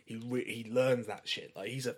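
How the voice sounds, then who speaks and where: A man's voice: medium pitch, fairly even intonation, moderate pace, slightly rough. A man, co-hosting a podcast and talking through a film in an enthusiastic, chatty way with casual swearing. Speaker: podcast co-host.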